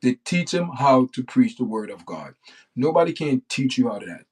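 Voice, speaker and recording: A man hosting his own livestream, talking off the cuff with no script. His voice sits at an ordinary, middle pitch. He rants bluntly and keeps repeating the same phrases as he circles back to his point. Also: big pitch swings, moderate pace, a little mellow, slightly rough. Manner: blunt, repetitive ranting. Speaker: livestream host. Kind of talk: unscripted livestream monologue.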